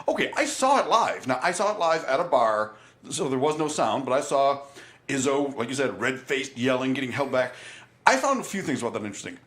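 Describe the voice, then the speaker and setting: A man's voice: medium pitch, a bit bright. A man co-hosting a podcast, talking in casual chat with frequent restarts. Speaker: podcast co-host.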